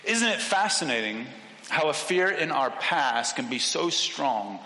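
Animated preacher in an echoey hall. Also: male voice, on the high side, unhurried, slight background noise. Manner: animated storytelling, acts out voices. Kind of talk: sermon with personal story. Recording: echoey hall with long reverb.

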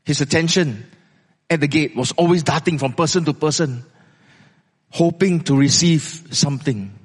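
A man delivers a sermon in storytelling mode, pausing dramatically and asking the listeners questions. His voice sits a little high and echoes with long reverb through a large hall. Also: husky. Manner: dramatic, varied pacing, rhetorical questions. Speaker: preacher.

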